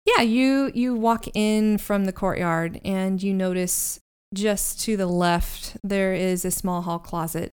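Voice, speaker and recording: Smooth-voiced woman running a tabletop game. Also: medium pitch, slow pace, hardly any pauses, a little mellow. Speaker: game master.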